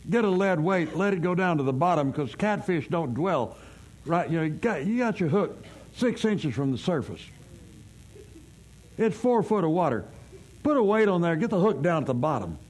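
A pastor delivers a sermon in a folksy, storytelling way. His voice sits a bit high for a man. He keeps breaking off to ask his listeners questions. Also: big pitch swings, normal speed, pauses often, a little mellow.

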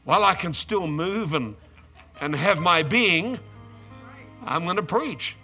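A man's voice: high voice, expressive, takes it slowly, pushed and bright, faint music behind. Fervent Australian preacher in his seventies. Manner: exuberant, emotional, bursts of hallelujahs; repeats and restarts words. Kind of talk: sermon.

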